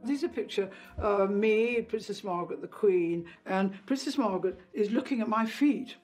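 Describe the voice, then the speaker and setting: A woman's voice: moderate pace, faint music behind. An older woman being interviewed, telling old memories in a chatty way with fillers. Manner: chatty storytelling with fillers, lively pitch when quoting others. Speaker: interviewee, royal lady-in-waiting. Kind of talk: reminiscing interview.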